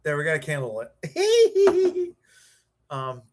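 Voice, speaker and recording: Male live-stream host, slow-paced, amped and stammering, a touch high-pitched. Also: wildly swooping pitch, darkish tone. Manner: hyped, stammering, restarts and repeats words. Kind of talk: excited live-stream chat.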